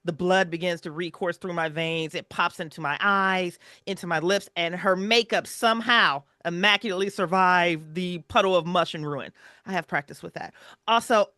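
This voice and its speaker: Bright-voiced woman playing a haughty vampire. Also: fairly low pitch, normal speed, dry recording, studio quality. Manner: arch and haughty in-character voice. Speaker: player. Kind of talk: playing a character in a tabletop game.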